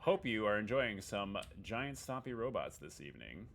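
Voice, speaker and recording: Male game streamer, low and very expressive, playful, fond of silly sound effects, home desk mic. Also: normal speed, vocal fry, slight background noise. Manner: playful, jokey, makes beep-boop sound effects. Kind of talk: casual live-stream commentary.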